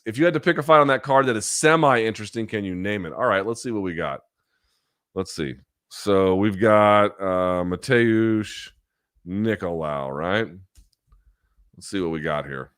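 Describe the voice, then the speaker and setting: Blunt low-voiced man hosting a live chat. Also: animated, unhurried, long pauses, a bit bright, no room sound, studio quality. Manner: blunt, profane, thinks aloud. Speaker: host. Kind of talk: live chat reading viewer questions.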